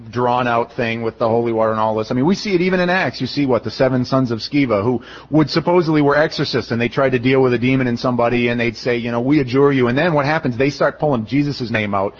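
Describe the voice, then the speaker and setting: A man's voice: mid-range voice, quick pace, lo-fi sound. Conversational man preaching a sermon. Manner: conversational, acts out quoted voices, animated retelling. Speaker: pastor. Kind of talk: expository sermon.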